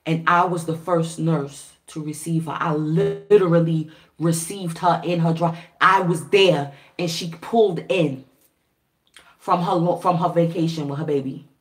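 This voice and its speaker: Animated, lower-pitched woman telling a story. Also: a little slow. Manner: animated, profane, laughing, acts out quoted voices. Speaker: spiritual reader and vlogger. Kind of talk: casual storytelling to viewers. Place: at home.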